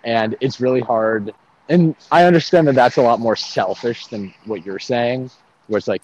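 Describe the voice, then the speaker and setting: A young man with a mid-range, slightly mellow voice speaks at a moderate pace in a casual conversation about faith. Outdoors near traffic, he talks animatedly with lots of fillers and laughter, and the lo-fi recording sounds dull, with faint traffic noise.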